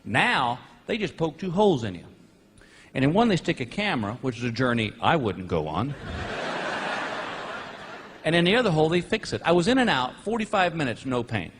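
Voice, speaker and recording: A male stand-up comedian performs his routine on a comedy stage before a live audience, with a high, swooping delivery. He talks fairly quickly with long pauses, telling stories animatedly and bursting into shouted punchlines. The live stage audio is noisy with crowd sound.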